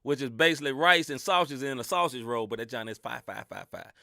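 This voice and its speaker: A man's voice: medium pitch, quick pace, gravelly, sharp tone, no room sound, studio quality. A man from the Mid-South with a Southern accent, co-hosting a casual sports podcast with slangy, laughing banter. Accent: Southern American. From Mid-South United States. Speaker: podcast co-host.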